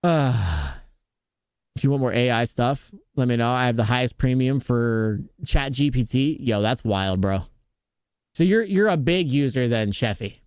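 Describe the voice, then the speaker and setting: A man chats casually with his live-stream viewers. He rambles, restarts his sentences and answers chat as he goes. His voice sits at a middle pitch and sounds dry and close to the mic. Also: expressive, unhurried, darkish tone, clear, resonant tone, no echo.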